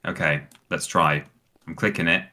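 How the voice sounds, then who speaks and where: A man's voice: deep voice, steady tone, moderate pace, sharp tone. A man co-hosting a charity stream in casual chat, hesitant and full of ums.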